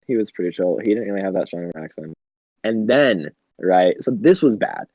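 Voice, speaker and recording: A man's voice: low voice, expressive, fairly quick, no room sound, lo-fi sound. A young man co-hosting a podcast in casual chat, laughing often and swearing, with lots of fillers. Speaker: podcast co-host.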